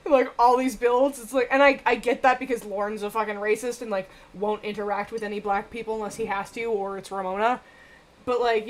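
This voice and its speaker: A woman streamer chatting casually while she plays a game, rambling with lots of fillers and swearing. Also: on the high side.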